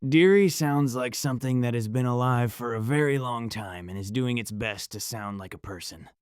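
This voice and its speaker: A man narrating a first-person horror story in a dramatic, measured delivery. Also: mid-range voice, clean tone, no echo, studio quality.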